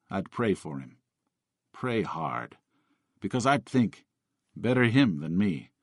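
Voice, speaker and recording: An actor playing a thoughtful priest who is also a psychologist, speaking in a measured, reflective way. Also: male voice, fairly low pitch, no echo, studio quality.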